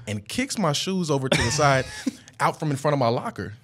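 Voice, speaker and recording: A young man hosting a podcast, telling a story in a casual, animated way and leaping up in pitch when he acts out quotes. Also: a little fast. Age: young adult. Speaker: podcast host. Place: studio.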